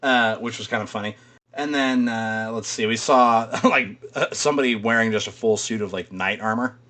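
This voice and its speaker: Man, lowish voice, casual podcast co-host, rambling, swears, laughs a lot. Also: normal speed, bright, forceful tone. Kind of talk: casual chat.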